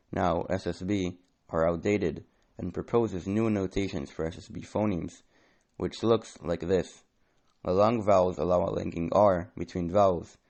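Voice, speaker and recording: A man narrating a scripted lesson, explaining things in an even tone. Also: deep voice, creaky. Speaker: educational narrator.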